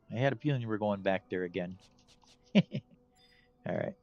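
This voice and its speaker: A man casually narrating his gameplay in a relaxed, rambling way, tired and with a stuffy nose. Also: low-pitched, fairly quick, long pauses. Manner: relaxed, rambling, talks to himself. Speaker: game streamer. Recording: dull lo-fi audio, faint game music.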